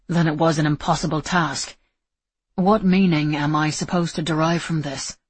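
A woman's voice: deep voice, steady tone, moderate pace, breathy edge, no room sound. A woman voicing a proud, stubborn young man who speaks indignantly. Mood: puzzled.

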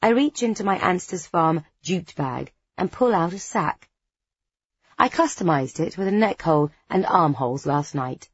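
A woman's voice: on the low side, expressive, moderate pace, breathy edge, dry recording, lo-fi sound. A woman narrating a first-person story in a wry, conspiratorial tone with dry understatement. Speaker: audiobook narrator.

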